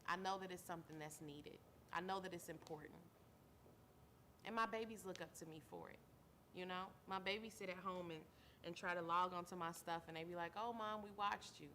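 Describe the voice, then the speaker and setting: A woman's voice: fairly low pitch, steady tone, a little fast, pushed and bright, a little hiss or hum. A tired mother hosting her own show, giving an earnest monologue that repeats phrases for emphasis and calls listeners baby. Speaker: show host. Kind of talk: heartfelt talk-show monologue.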